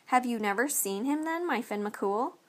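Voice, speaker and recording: Brief: quick-witted fearless wife of a folk tale, brisk and teasing, read by a woman storyteller. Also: fairly high pitch, lively intonation, natural voice. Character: clever bold wife of a folk hero.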